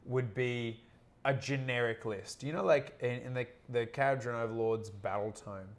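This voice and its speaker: A man hosting a laid-back livestream, talking in an animated, joking way and reading out viewer comments. His pitch sits in an ordinary middle range for a man. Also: normal speed. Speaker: livestream host. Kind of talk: casual chat on a livestream.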